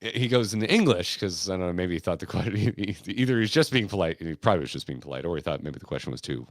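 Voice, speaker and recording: Speaking fast and expressively in a low voice, an American podcast host from Florida rambles through stories in a laid-back way, laughing and swearing casually. The studio sound is clean, with no echo.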